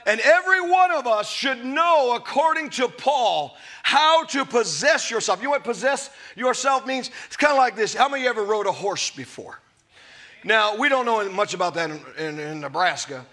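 A man in his fifties preaching a sermon to a live congregation, emphatic and often shouting, with jokey storytelling. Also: very high voice, lively intonation, normal speed. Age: 50s. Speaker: pastor. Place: church service before a live congregation.

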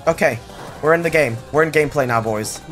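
A young man giving casual, jokey gameplay commentary, yelping excitedly when something surprises him. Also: on the high side, brisk, soft background music. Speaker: gaming channel host.

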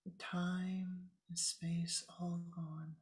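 Meditation teacher, female; low, very slow, hushed delivery, often whispered. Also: level tone. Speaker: spiritual teacher. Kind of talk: guided meditation storytelling.

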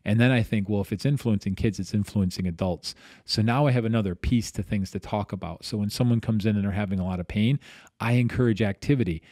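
A middle-aged man appears as a physical therapist guest on a podcast, swapping stories in casual conversation and performing the voices of the people he quotes. His voice is lowish and he talks fast, animated and often restarting, in clean studio sound with no room tone.

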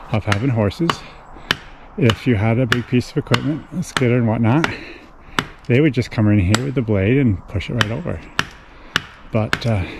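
A man hosting his show while logging in the winter woods, explaining in a plain, folksy, unhurried way. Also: medium pitch. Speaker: host, horse logger. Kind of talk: casual explaining while working. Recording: loud outdoor work noise, wedge tapping. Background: hammering and chopping.

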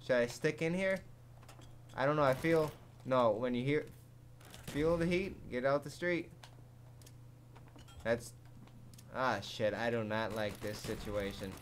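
A man giving live commentary over a zombie game, excitable and jumpy, swearing often and laughing at his own jokes. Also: mid-range voice, a little slow, long pauses, a little hiss or hum. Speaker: gaming commentator.

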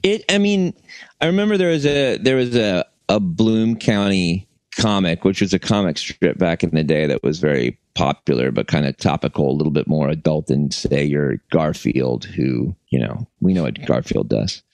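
A man's voice: sits low, expressive, moderate pace, a little mellow, no echo. A man co-hosting a podcast, chatting casually and rambling with many restarts. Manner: rambling, lots of restarts and fillers. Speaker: podcast co-host. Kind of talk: casual chat.

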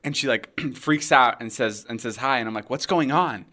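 Bright-voiced young man telling a story. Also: medium pitch, normal speed. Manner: animated, swearing often, acts out quotes. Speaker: podcast host. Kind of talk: casual storytelling.

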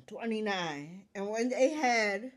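A woman reading scripture aloud verse by verse, calling out verse numbers and restating each passage in plain words, with pauses where she coughs. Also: medium pitch, animated. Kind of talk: Bible reading with commentary.

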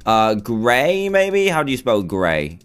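A man's voice: mid-range voice, very animated, slow pace, fairly bright tone, clean tone. A young man commentating his own gameplay, chatty and flustered as he talks himself through a build. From England. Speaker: gaming YouTuber.

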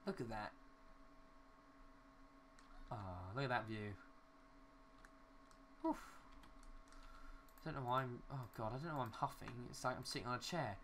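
A man's voice: medium pitch, lively intonation, unhurried, long pauses, fairly bright tone, a little hiss or hum. A young man giving casual, rambling commentary while building in a city game, talking to himself and swearing mildly at glitches. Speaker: gaming YouTuber.

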